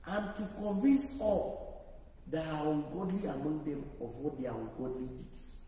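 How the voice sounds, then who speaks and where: A man preaching a sermon, emphatic and rising to loud exhortation. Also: fairly high pitch, lively intonation, a little slow. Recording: echoey hall, voice from far off.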